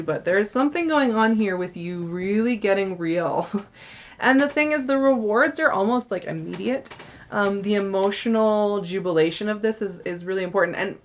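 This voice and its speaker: Chatty, effusive woman reading tarot. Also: medium pitch. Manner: chatty and effusive, laughs often, many fillers. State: yawning, tired. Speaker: tarot reader. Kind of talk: casual monthly tarot reading.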